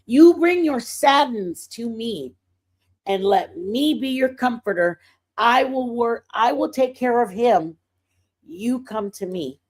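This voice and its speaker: A woman voicing the Lord as a calm, firm, fatherly divine figure who speaks slowly and gently. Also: a little high.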